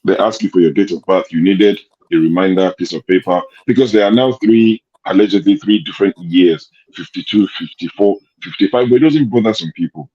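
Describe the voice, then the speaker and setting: A man's voice: deep voice, a little fast, hardly any pauses, mellow, highs cut off. A Nigerian man hosting an online discussion, arguing his case with pointed rhetorical questions. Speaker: host.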